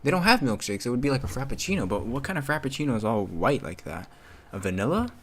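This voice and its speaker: A man's voice: mid-range voice, sing-song, quick pace, slight background noise. A man streaming from home, reading posts aloud and reacting in a loose, casual way, swearing freely and muttering to himself.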